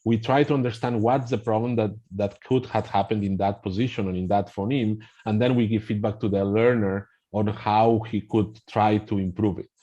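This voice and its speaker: A man with a lowish, mellow voice explains ideas as a webinar guest, often repeating words before a thought gets going. His video-call audio sounds dull and muffled. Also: fairly even intonation, moderate pace, few pauses. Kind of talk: webinar discussion.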